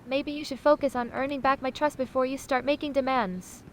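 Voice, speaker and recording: With a high, steady voice that runs a little fast, this woman sounds close to everyday speech, with slight background noise. She's a text-to-speech voice acting as a sassy AI chatbot full of itself that calls itself a sausage and keeps calling people honey, all haughty, dramatic, and condescending.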